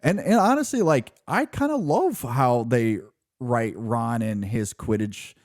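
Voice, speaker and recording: Podcast co-host, male, mid-pitched and mellow, loose rambling delivery. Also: animated, measured pace, no echo, studio quality. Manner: rambling, restarts often, says "like" and "you know". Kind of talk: casual film discussion.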